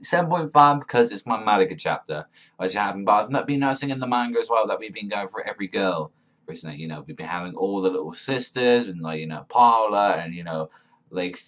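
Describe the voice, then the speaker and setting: A man giving a casual, profane review, rambling with lots of fillers and swearing. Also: lowish voice. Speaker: manga reviewer.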